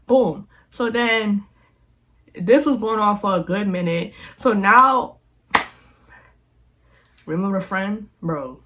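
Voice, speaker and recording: A young woman recounts a story for her vlog in an animated, chatty way. She speaks directly to her viewers at a middling pitch. A faint hiss runs under the recording. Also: slow, long pauses. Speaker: vlogger. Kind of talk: casual storytime.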